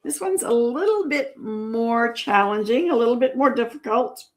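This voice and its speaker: Hosting a relaxed trivia stream, a woman speaks at normal speed in a high-ish, slightly mellow, animated voice. She patiently repeats every question and reads out the answers viewers send in.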